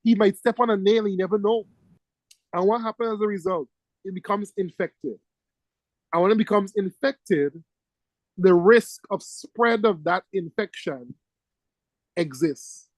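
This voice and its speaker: A man's voice: sits high, unhurried, pauses often, dry recording, poor audio. A middle-aged man giving an exam-prep medical lecture. He is emphatic, repeats key words and keeps checking in with "right?".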